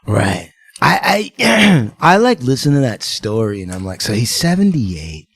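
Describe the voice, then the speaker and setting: A man's voice: medium pitch, sing-song, a little slow, breathy edge. A man hosting a podcast, rambling and playful in casual chat, laughing often. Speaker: podcast host.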